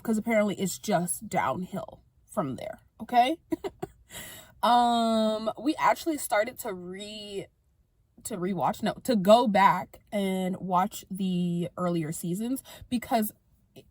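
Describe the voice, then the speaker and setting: A young woman vlogging in a casual, exasperated rant, tossing in quick asides as she talks to her viewers. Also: mid-range voice, a little mellow, slightly rough, dry recording. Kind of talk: casual ranting monologue to camera.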